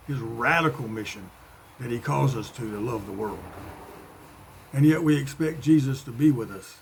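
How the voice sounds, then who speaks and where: Gravelly-voiced man preaching casually. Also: mid-range voice, darkish tone, a little hiss or hum. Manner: conversational, with playful voiced asides. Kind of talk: informal sermon.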